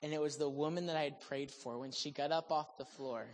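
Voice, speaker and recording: Animated man preaching in a reverberant hall. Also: on the high side, a little fast, a little hiss or hum. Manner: animated storytelling, swings from loud excitement to hushed. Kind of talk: sermon storytelling. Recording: long reverb of a large hall.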